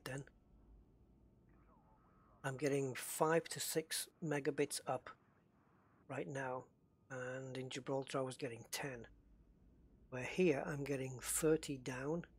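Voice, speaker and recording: A man's voice: mid-range voice, steady tone, measured pace, long pauses, husky. A man chatting casually while streaming a space game, greeting viewers by name and thinking aloud. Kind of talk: casual live-stream chat.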